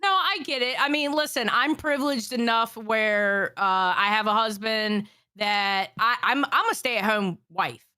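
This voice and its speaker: Female co-host, bright voice, blunt casual banter. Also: a little high, measured pace, few pauses, clear, resonant tone, no echo, clean studio sound. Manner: teasing, blunt. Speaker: podcast co-host. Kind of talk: casual chat.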